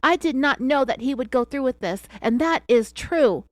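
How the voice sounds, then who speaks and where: An accused wife under questioning, played by the narrator herself screams her denials in a pitched-up, strained voice. She insists over and over. The recording is dry and close. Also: expressive, normal speed, dry recording. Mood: defensive, insistent. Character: defensive woman under interrogation, accused wife.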